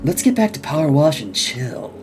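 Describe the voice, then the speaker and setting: Woman doing a deep voice, very low, swooping, teasing, smooth promo delivery. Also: big pitch swings, moderate pace, music in the background.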